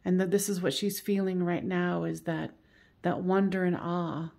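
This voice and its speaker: A woman speaking as a psychic medium gives a solo reading, halting and repeating herself while she soothes and coaxes. Her voice is lowish, flat in delivery, gravelly and a little mellow.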